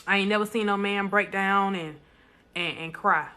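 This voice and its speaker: A woman's voice: mid-range voice, steady tone, normal speed, sharp tone. A woman speaking bluntly and emphatically to viewers in a casual live stream, repeating lines for stress. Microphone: phone.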